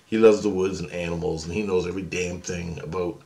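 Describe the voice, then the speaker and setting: Middle-aged man, very low voice, casual rambling storyteller, slangy and profane. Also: steady tone, brisk, gravelly, warm tone. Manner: rambling, chatty, peppered with slang and swearing. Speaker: storyteller recounting a past experience.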